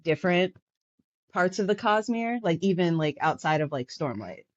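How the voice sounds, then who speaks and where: A woman's voice: on the low side, animated, moderate pace, dry recording, dull audio. A woman guesting on a podcast in casual chat, rambling and filling her talk with "like".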